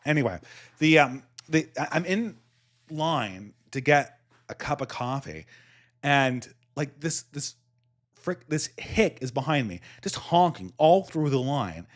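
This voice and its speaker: Brief: Californian-accented male podcast host, slight lisp, higher-pitched voice, rambling anecdotal chat. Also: big pitch swings, measured pace. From United States. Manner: rambling storytelling with many restarts and frequent laughs. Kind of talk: casual chat.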